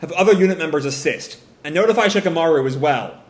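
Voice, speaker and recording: A man's voice: fairly high pitch, expressive, fast talker, close to an everyday voice. A man voicing a stern adult village leader and father, giving firm commands. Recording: roomy echo.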